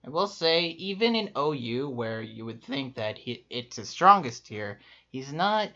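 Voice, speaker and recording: A man co-hosting a casual chat, talking quickly with lots of fillers and laughs. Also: medium pitch, big pitch swings, pushed and bright. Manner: quick, upbeat, laughs often, many fillers. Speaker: co-host ranking players. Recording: muffled lo-fi audio.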